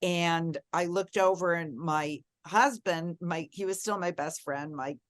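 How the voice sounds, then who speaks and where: An earnest middle-aged woman, a guest in an interview, tells a personal story in a low, unhurried voice, reflective and leaning hard on key words. The audio is studio quality with no room sound.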